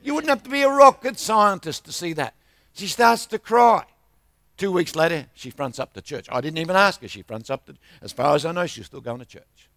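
A man's voice: on the high side, animated, fairly quick, vocal fry, fairly bright tone, dry recording. An older man, preaching a sermon as a travelling minister, telling stories and asking the congregation for responses.

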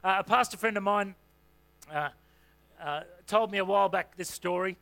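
High, bright-voiced man preaching. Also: moderate pace, creaky, no echo. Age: adult parent. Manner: conversational, humorous, with asides and fillers. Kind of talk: sermon.

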